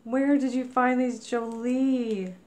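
Slow, gushing woman unboxing mail. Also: a little high, little pitch movement, darkish tone. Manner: gushing, exclaims often. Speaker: crafting vlogger. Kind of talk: casual unboxing narration.

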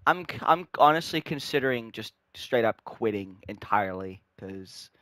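A man's voice: lowish voice, expressive, normal speed, pushed and bright, dry recording. Frustrated young man ranting. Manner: frustrated, swearing, trailing off deflated. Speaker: gaming vlogger. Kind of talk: angry gaming rant.

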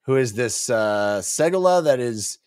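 A man's voice: mid-range voice, animated, a little slow, darkish tone, smooth, no echo, studio quality. A man co-hosting a casual book discussion podcast, rambling and playful, with many fillers. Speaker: podcast co-host.

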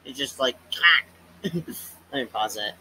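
A man giving casual, excitable reaction commentary, laughing often and thinking aloud. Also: medium pitch, slow pace, slight background noise, rough recording. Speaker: reaction video host.

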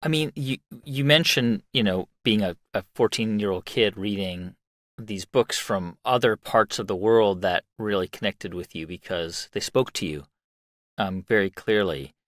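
A man hosting an interview, asking a long question haltingly with many restarts. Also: on the low side, fairly bright tone, no room sound, studio quality. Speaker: podcast host.

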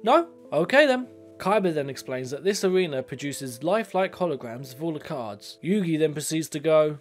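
A man's voice: a little high, expressive, normal speed, soft background music. Sarcastic guy roasting a show. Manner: sarcastic, exasperated, swears. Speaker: video commentator. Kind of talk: comedic commentary.

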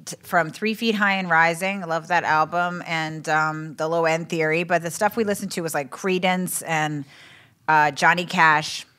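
A woman comedian chatting as a guest on a radio show, telling jokes in a wry, deadpan way. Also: sits low, normal speed, clean tone. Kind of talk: casual radio chat.

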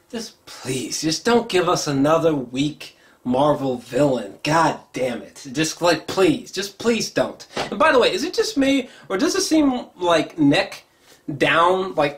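An excitable man talks through his reaction in loose casual commentary, swearing freely and restarting his sentences. His voice sits a little high for a man and leaps even higher when something thrills him. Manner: excitable, profane, many restarts and fillers; bursts into high excited exclamations. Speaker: YouTube trailer reviewer.

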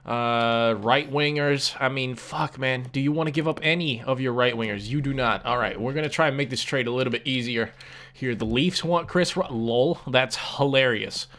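A young man casually commenting on a sports game as he plays, animated, swearing often and repeating himself. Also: medium pitch, normal speed. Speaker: gaming YouTuber.

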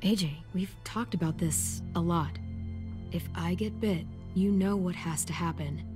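An actress playing a calm, protective young woman in a video game, speaking gently but firmly and steadily, with game music behind. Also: on the low side, close to an everyday voice. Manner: slow, gentle, steady and firm.

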